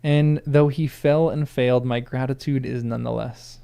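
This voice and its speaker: A man reading a proud young male hobbit's lines aloud in his own gravelly voice, with stumbles and restarts. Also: mid-range voice, steady tone, moderate pace, warm tone, close to an everyday voice. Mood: solemn.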